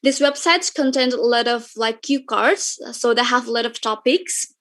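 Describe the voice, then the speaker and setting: A woman's voice: on the high side, normal speed, a bit bright. A young woman from Indonesia with an Indonesian accent, giving a chatty, informal webinar talk full of fillers and repeated phrases. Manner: chatty, repetitive, with frequent fillers. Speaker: webinar speaker.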